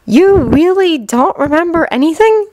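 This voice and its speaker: A woman's voice: extremely high pitch, animated, moderate pace, no room sound, voice pushed up. A woman reading a fanfiction aloud, voicing a blunt, fiery young mechanic woman who talks brusquely. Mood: gruff. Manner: brusque and sharp.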